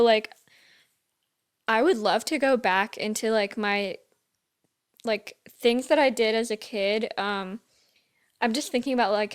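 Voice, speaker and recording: A woman's voice: medium pitch, clear, resonant tone. A young woman co-hosting a podcast, talking in casual chat with lots of "like" fillers. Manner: chatty, full of "like" fillers. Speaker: podcast co-host.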